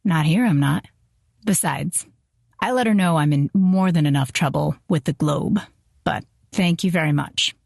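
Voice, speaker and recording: Audiobook: narrator playing a cultured, dryly teasing boss, lowish gravelly tone, close dry mic. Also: female voice, moderate pace, darkish tone, dry recording. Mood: wry. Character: suave confident wealthy man, teasing boss.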